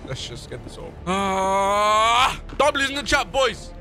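Excitable high-voiced male streamer. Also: takes it slowly, music in the background. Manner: excitable, talks to chat, shouts when panicking. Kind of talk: gaming livestream commentary.

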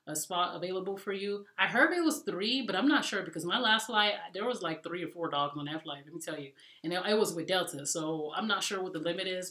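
A woman vlogging travel tips in a chatty, animated way, talking to viewers as y'all. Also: lowish voice, roomy sound. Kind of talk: casual storytelling vlog.

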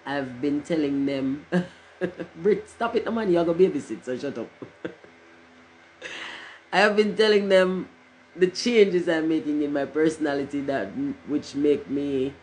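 A woman's voice: sits low, slight background noise, low-quality recording. A middle-aged woman, chatting casually on a livestream in a rambling, joking way and cursing freely. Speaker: livestream host.

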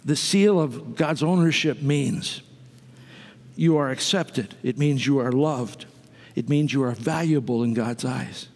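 Heard with the long reverb of a church sanctuary, a male pastor preaches at a measured pace in a mid-range, darkish voice. His sermon feels conversational, and he makes asides to the people in the pews.

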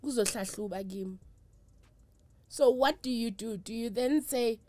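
A woman's voice: on the high side, unhurried, pauses often, a little mellow, no echo. A middle-aged woman with a South African accent, a traditional healer talking candidly in an interview, emphatic and emotional. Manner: mixes English with Zulu and Sotho, emphatic and emotional.

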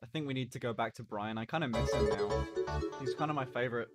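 A man's voice: mid-range voice, fast talker, over loud music. A man streaming live in casual chat, joking, swearing and eating on camera. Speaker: livestreamer.

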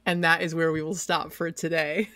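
A game master narrating a tabletop role-playing game in an unhurried, hesitant way. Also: mid-range voice, flat delivery, bright, forceful tone, no echo.

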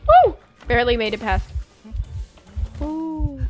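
A young woman streamer reacting dramatically to a game as she plays, scolding her teammates and shouting out. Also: high voice, wildly swooping pitch, slow pace, soft background music. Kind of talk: live game commentary.

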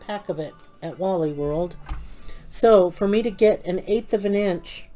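A woman talks her way through a craft project at her desk, slow and unhurried. Her voice is mellow and lowish, with soft music in the background. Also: rough recording. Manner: chatty, thinks aloud while working; hums and sings softly to herself. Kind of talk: casual crafting narration.

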